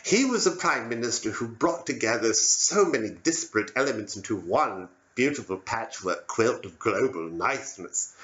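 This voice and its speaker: A man's voice: fairly low pitch, a bit bright. A man playing a dim, rambling British pub-going bloke with a put-on British accent, repeating and correcting himself in an earnest comic monologue. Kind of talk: satirical stand-up character monologue. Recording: dull lo-fi audio.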